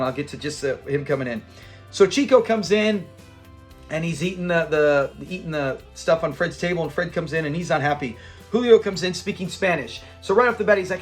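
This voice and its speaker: A man with a slightly higher voice for his sex talks casually as a fan-channel host. He rambles, quotes scenes in passing and breaks into laughter. Faint music plays softly behind him. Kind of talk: casual commentary.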